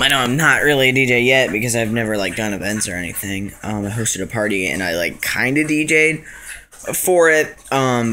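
A man chatting into an action camera at home in a loose, scattered way. He drifts between thoughts and fills the gaps with ums and likes. His voice sits at an ordinary middle pitch. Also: sharp tone, slight background noise. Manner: rambling, scattered, lots of fillers. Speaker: vlogger. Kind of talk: casual solo vlog.

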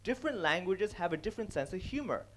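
A young man giving a stand-up style talk on comedy, animated and acting out other people's lines as he speaks. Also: sits high, fast talker. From India. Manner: animated, acts out other people's lines, laughs at own jokes. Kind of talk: stage talk on comedy, switching between English and Cantonese.

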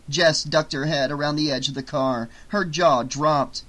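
A man narrating an audiobook in a steady storytelling read. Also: fairly high pitch, measured pace, few pauses. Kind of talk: scripted narration.

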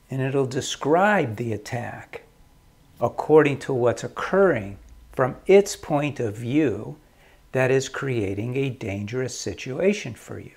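A man giving calm marriage advice in a measured way, often repeating his key phrases. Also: mid-range voice. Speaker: marriage counselor.

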